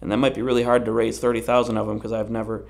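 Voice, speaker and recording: A man delivering a comedic vlog monologue with deadpan, rapid-fire jokes. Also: lowish voice, gravelly. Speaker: vlogger.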